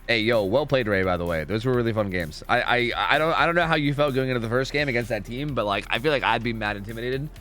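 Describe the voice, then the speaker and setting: A man's voice: mid-range voice, fast, hardly any pauses, soft background music. A man hosting a live game stream, chatting casually and explaining match rules with lots of fillers. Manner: animated, rambling, full of fillers.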